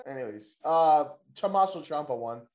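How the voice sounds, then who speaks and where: An excitable, slangy man hosting a casual wrestling recap chat, peppering his talk with "yo" and "dude" and swearing freely. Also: a little high, reverberant. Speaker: podcast host.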